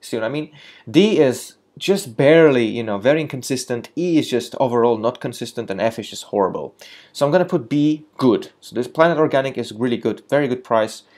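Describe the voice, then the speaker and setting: A man's voice: mid-range voice, expressive, a little fast, a little mellow. Hesitant man rating coffee shops. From lives in London. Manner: hesitant, many fillers and restarts, rising energy on "moving on". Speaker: coffee reviewer. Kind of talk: casual talk to camera, ranking coffee shops.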